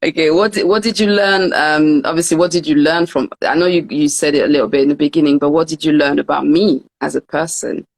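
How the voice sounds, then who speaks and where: A woman's voice: low voice, fairly even intonation, fast, few pauses. A young woman hosting a heartfelt interview, speaking earnestly with frequent stammers and repeated words, and translating her guest's French into English. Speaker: author and host. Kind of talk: emotional interview and live translation.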